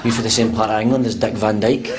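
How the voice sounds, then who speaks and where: A man's voice: lowish voice, fairly even intonation, fast talker, heavy background noise, close to an everyday voice. An actor with a Scottish accent playing a grumpy, sarcastic man stuck in a lift. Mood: scornful. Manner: sarcastic, scornful.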